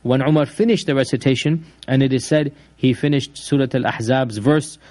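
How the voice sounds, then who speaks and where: A man gives an Islamic history lecture in an easy, conversational storytelling way. He often restarts his sentences and adds asides as he goes. His voice sits at an ordinary middle pitch. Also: brisk, darkish tone.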